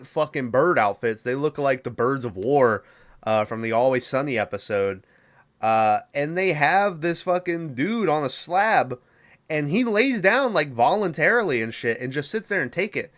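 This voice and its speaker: A podcast host casually recapping a film, swearing a lot and rambling. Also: male voice, a little high, lively intonation, moderate pace, a bit bright. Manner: profane, rambling, laughing.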